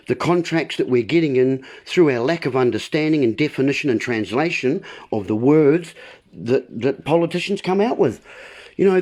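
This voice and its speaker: A man whose voice sits high yet sounds dark speaks to his vlog audience with fervor and frustration. His monologue is emphatic, built around playful twists of words.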